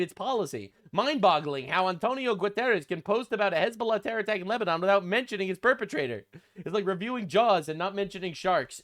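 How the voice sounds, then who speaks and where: A man's voice: sits high, pushed and bright. A man ranting in a political commentary vlog, profane and sarcastic, getting heated.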